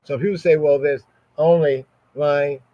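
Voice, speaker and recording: A man giving an informal podcast Bible study, reading Hebrew verses slowly and checking in with "right?" after nearly every phrase. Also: on the high side, fairly even intonation, no echo, dull audio.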